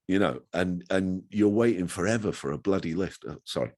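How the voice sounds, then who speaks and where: A man's voice: deep voice, a little fast, few pauses, darkish tone. A man in his sixties, a guest telling chatty, self-deprecating stories in a casual interview. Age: 60s.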